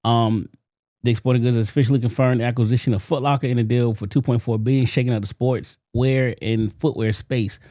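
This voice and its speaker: A man's voice: medium pitch, fairly even intonation, brisk, mellow, no room sound, clean studio sound. A man co-hosting a podcast, laid-back and casual, reading out news items between short remarks. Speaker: podcast co-host.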